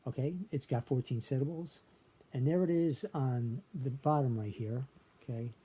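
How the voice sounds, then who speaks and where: A video creator teaches a memory trick in a casual screen-share lesson, walking through it step by step. He tacks "okay" onto nearly every phrase and counts syllables aloud. His mid-range voice is warm with a breathy edge, at normal speed.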